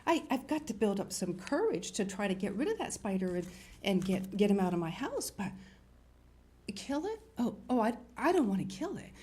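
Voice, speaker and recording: An older woman hosting a children's show, reading a picture book aloud and chatting warmly to young viewers. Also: medium pitch, moderate pace. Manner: animated, storytelling, talks to young viewers. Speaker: children's TV host.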